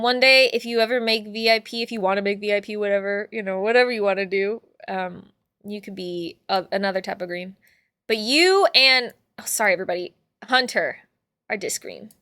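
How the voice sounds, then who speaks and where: High-voiced playful woman streamer. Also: a bit bright, no room sound, studio quality. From father from Puerto Rico. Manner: playful, laughs often, rambling. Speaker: livestream host reading chat. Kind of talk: casual chat with viewers.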